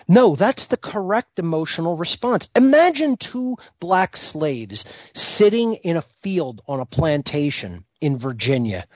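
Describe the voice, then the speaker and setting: A man's voice: fairly high pitch, sing-song, measured pace, few pauses, no echo. Vehement lecturing man, dull lo-fi sound. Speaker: host. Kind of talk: heated monologue. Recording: dull lo-fi recording.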